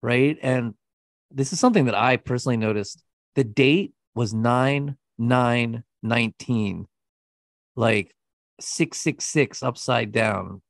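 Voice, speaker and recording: A man's voice: mid-range voice, slow pace, gravelly, dry recording, studio quality. A man co-hosting a podcast, telling a true-crime story in a blunt, profane, scornful way. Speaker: podcast co-host.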